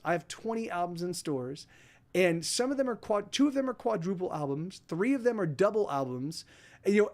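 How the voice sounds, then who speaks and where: Male podcast host, high voice, rambling storyteller who swears a lot, casual stream chat. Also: darkish tone.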